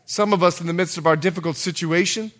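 A man preaching a sermon as pastor, swinging from loud calls to hushed low lines. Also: steady tone, quick pace. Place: church.

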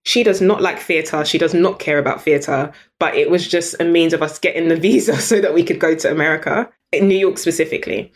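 A British woman, a guest in an interview, telling stories in an animated, chatty way and laughing often. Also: deep voice, fairly quick, hardly any pauses. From Britain. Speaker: guest entrepreneur. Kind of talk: storytelling in an interview.

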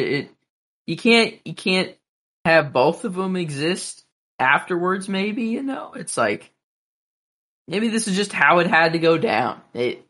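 A speaker in casual podcast chat about a TV episode, animated and filling talk with "like" and "you know". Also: mid-range voice.

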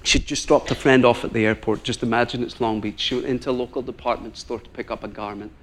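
This medium-pitched, fast-talking man has a Northern Irish accent and is preaching as a guest. His sermon centers on a story he tells vividly, performing the characters he quotes.

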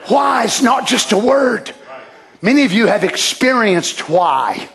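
A man preaching a fervent evening sermon in church, shouting passages and then dropping to quiet asides. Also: high-pitched, animated, takes it slowly, creaky. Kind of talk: impassioned sermon. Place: church sanctuary. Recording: echoey church hall.

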